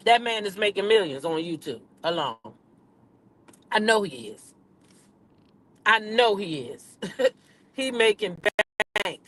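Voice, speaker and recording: Sassy woman host, gossip commentary rant, mid-pitched voice, emphatic and repetitive. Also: sing-song, slow pace, long pauses, fairly bright tone, slight background noise. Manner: sassy, emphatic, repeats her points.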